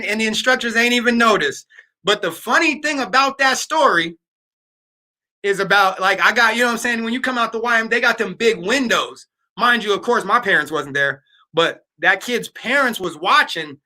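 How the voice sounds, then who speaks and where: A man in his late thirties hosting a casual livestream. His voice sits high and sounds very bright and forceful. He talks loosely with lots of fillers and slang, as if answering viewers' comments. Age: 30s. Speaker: livestream host.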